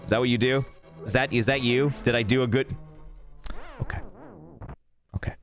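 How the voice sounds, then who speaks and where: A man's voice: medium pitch, steady tone, moderate pace, faint music behind. A man streaming a video game live, chatting and joking with chat in a rambling, irreverent way, swearing freely. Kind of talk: casual live-stream banter while gaming.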